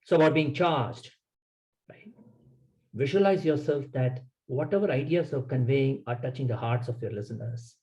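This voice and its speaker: A man's voice: mid-range voice, normal speed, a little mellow, muffled recording. A man leads a public speaking workshop, talking in a mid-range voice. He coaches in short, emphatic instructions and leans on key words. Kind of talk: workshop lecture.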